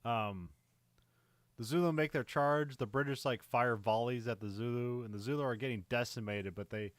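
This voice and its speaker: A man's voice: mid-range voice, normal speed, no room sound. A man casually recapping a war film on a podcast, rambling with lots of "like" and frequent laughs. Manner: rambling, many fillers and laughs. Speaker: podcast co-host. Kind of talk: casual movie recap chat.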